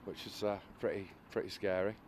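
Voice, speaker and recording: A man with a fairly low voice tells a long story, stumbling over uhs and restarting his sentences. A faint outdoor ambience runs underneath. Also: fairly even intonation, brisk, a little hiss or hum. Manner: hesitant storytelling, many uhs, laughs at own story. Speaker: boat restorer. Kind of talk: casual interview anecdote.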